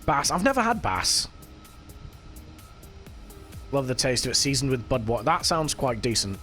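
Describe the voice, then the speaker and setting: A man's voice: medium pitch, very animated, moderate pace, bright, forceful tone. A man chatting casually with his live-stream chat while he plays, swearing now and then. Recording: faint music behind.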